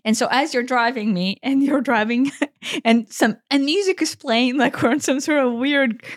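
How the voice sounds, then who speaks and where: A woman's voice: high voice, moderate pace, dry recording. Earnest woman in her forties, dry sound. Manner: earnest, emotional, swears freely. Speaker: podcast co-host. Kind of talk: casual conversation.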